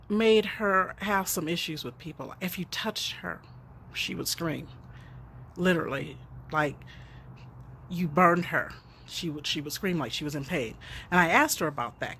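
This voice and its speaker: A woman's voice: lowish voice, a bit bright, slight background noise. A woman author and counselor giving an unscripted, earnest motivational talk, preaching and telling stories with dialogue.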